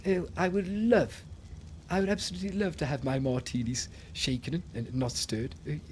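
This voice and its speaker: A man voicing a stuffy upper-class English gentleman in an exaggerated posh English accent, fussy and plummy. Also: fairly high pitch, steady tone, brisk, a little hiss or hum, lightly acted. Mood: pompous.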